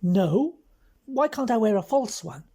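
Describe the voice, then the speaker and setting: A woman's voice: a little high, big pitch swings, a little slow, warm tone, breathy edge, pitched above the performer's own voice, full character voice. A woman with an English accent voicing a sulky young man who grumbles plaintively at his friend.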